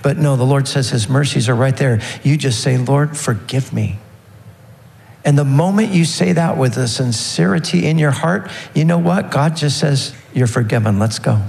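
A man preaching a sermon, earnest and unhurried, slowing down and pausing to press his points. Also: mid-range voice, creaky, in a large hall. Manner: earnest, warm preaching with slow emphatic pauses. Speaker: pastor.

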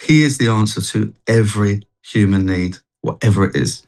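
A man's voice: lowish voice, moderate pace, darkish tone, rough recording. A man, a guest on a TV chat show, telling a personal faith story in an earnest, rambling way with many restarts. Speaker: guest, street worship singer.

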